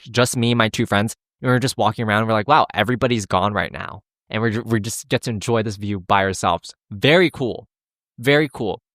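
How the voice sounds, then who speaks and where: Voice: medium pitch, no echo, studio quality. A podcast host telling a hiking story in casual chat, acting out what everyone said and swearing freely. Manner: animated, acts out quotes, swears freely.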